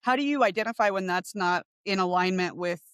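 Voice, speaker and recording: A woman's voice: mid-range voice, fairly quick, a bit bright, clean tone, no room sound. Woman host asking questions, dry sound. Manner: conversational, asks questions in loose, searching phrasing. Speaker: podcast host. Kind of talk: casual podcast interview.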